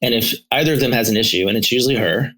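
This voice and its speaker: Rapid-fire and fairly bright, his mid-range voice comes through on poor audio. He's a therapist and podcast co-host spinning casual, meandering stories with many restarts and filler words.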